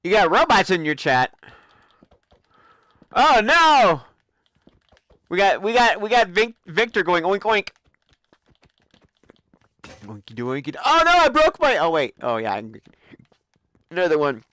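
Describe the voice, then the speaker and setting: A man hosting a live stream, giving excitable gameplay commentary that bursts into yelps and squeals. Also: high-pitched, a little slow, pauses often, dry recording.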